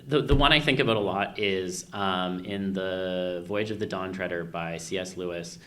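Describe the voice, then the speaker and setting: Podcast co-host, male, low but bright, forceful voice, emphatic joker who swears. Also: normal speed. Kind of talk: casual chat.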